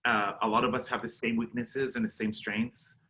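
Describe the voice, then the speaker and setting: A man from Canada, a drag performer, chatting in an interview and telling animated stories, acting out quotes and laughing often. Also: medium pitch, moderate pace, a little hiss or hum. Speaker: eliminated contestant, drag performer. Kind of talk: casual interview chat.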